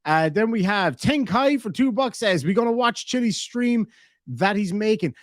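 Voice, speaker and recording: A lively Irish man rambles through a live stream, swearing freely and tripping over his own restarts. His voice sits a little high for a man, and the sound is close and dry with no room echo. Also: normal speed. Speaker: livestreamer reading viewer donations. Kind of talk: casual live-stream chat.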